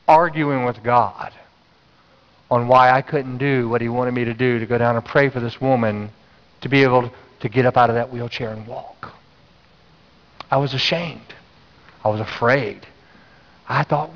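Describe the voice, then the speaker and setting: A man's voice: a little slow, pauses often. A man from North Carolina, preaching a sermon and telling a story animatedly, acting out his own inner voice. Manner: animated, acts out his own inner voice with sudden high jumps. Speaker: pastor. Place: church sanctuary. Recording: dull, reverberant church sound.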